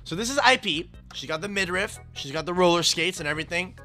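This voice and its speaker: A young man hosting a casual stream chat, excitable and quick to shout and swear when hyped. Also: high-pitched. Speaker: streamer host. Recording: game music in the background.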